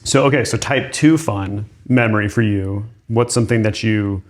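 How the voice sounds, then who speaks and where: A man's voice: lowish voice, normal speed. A man co-hosting a podcast, chatting casually and eagerly, prompting his brother with questions. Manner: enthusiastic, short interjections and questions. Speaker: podcast co-host. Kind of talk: casual chat.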